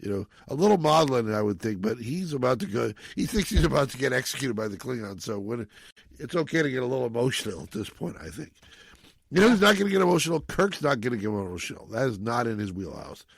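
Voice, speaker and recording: A podcast host with a gravelly, creaky, medium-pitched voice runs a casual film show, rambling animatedly at a quick pace and acting out the lines he quotes. The sound is close and dry, with no room sound.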